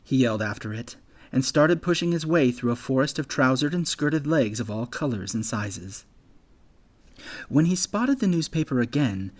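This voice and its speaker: A man narrating an audiobook in measured, scripted storytelling. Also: medium pitch, darkish tone. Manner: measured storytelling, voicing all characters.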